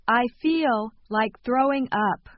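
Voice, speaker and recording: A woman reading short phrases calmly, with careful enunciation, for a language lesson. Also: on the high side, takes it slowly, no echo. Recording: dull, lo-fi sound.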